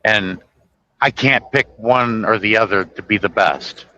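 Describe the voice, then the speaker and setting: Bright-voiced man rambling on casually. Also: fairly low pitch, a little slow, highs cut off. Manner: rambling, self-correcting movie retelling with chuckles. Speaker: host. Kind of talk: casual chat. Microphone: podcast microphone.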